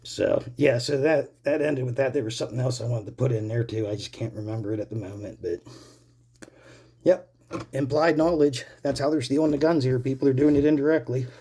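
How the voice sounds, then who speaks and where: A man in his forties from Pennsylvania rants to camera in anger as he smokes, his vlog peppered with profanity and shout-outs to viewers as "people." He speaks fairly quickly in a mid-range voice with a warm tone and slight roughness.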